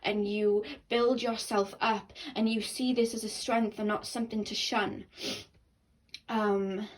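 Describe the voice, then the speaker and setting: A woman's voice: mid-range voice, level tone, measured pace, rough recording. A young woman giving a casual, earnest tarot reading to her viewers, rambling with fillers and restarts, at times tearful. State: tearful and emotional. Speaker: tarot card reader.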